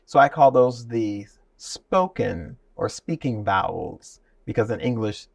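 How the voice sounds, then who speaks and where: A man's voice: lowish voice, animated, a little slow, vocal fry, dry recording. Enthusiastic male voice teacher, distant mic. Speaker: voice teacher and guest. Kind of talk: explanatory interview talk.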